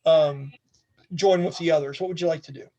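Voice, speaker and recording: A man's voice: a little high, fairly even intonation, fairly quick, dark tone, lo-fi sound. A man narrating a tabletop game as game master, casual and rambling, often laughing.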